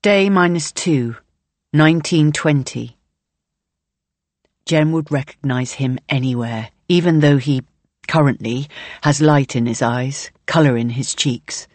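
A woman's voice: low-pitched, a little mellow, no room sound. Woman narrating an audiobook, dry sound. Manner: measured, present-tense storytelling.

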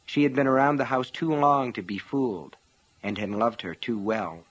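A man reading a novel aloud in a measured, dramatic narration style. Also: mid-range voice, dull audio. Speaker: audiobook narrator. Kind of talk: scripted narration.

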